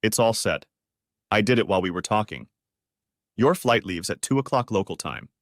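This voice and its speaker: A man voicing a loyal young female personal assistant who speaks briskly and dutifully. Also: on the low side, expressive, no room sound, clean studio sound, close to an everyday voice.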